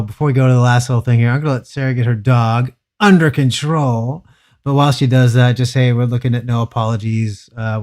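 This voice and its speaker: A man's voice: medium pitch, darkish tone. Joking man hosting a podcast. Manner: joking, teasing. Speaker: podcast host. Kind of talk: casual interview chat.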